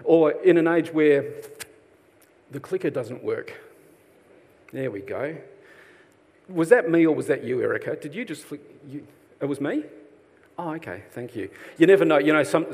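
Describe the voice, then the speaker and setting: Middle-aged Australian man, relaxed self-deprecating sermon delivery, long reverb of a church hall. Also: mid-range voice, brisk. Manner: chatty, self-deprecating, jokes with the congregation. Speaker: preacher.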